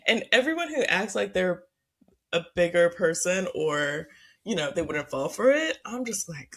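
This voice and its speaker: Woman podcast cohost, giggly and chatty, voice bounces all over, bit of vocal fry. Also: on the low side, sing-song, normal speed, a bit bright. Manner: giggly, laughs often, lots of fillers. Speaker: podcast co-host. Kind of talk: casual chat.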